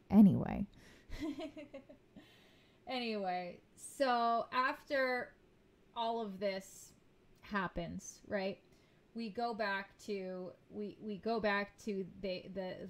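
A young woman hosting a reaction video, talking casually to her viewers and rambling with many restarts. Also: fairly high pitch. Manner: rambling and chatty, often restarting sentences. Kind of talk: casual chat to camera.

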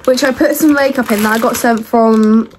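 A young woman with a fairly high voice chats away to her viewers while sorting her bedroom. She rambles and corrects herself mid-thought, in a loose, unscripted way. A faint hiss sits under her voice. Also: steady tone, moderate pace. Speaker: vlogger. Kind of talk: casual chat to camera.

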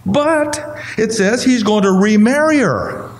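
A pastor whose voice is going hoarse, teaching a Bible study in a conversational way and asking the listeners questions. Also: male voice, high-pitched, animated, a little slow.

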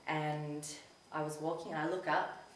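A woman telling a personal story in a casual talk to an audience, chatty and animated when she quotes herself. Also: low-pitched, normal speed, heavy background noise. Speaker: community talk speaker. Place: community centre hall. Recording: echoey hall recorded from a distance.

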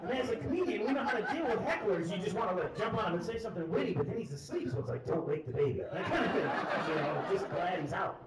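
A male stand-up comic with a fairly high, very lively voice, telling a story on a club stage. He swings into shrill shouting voices for the characters in his tale. The sound is roomy and picked up from a distance, with a loud audience laughing along. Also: quick pace, hardly any pauses, a loud crowd. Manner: animated, jumps into loud high voices for hecklers. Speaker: stand-up comedian. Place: comedy club stage before a live audience.

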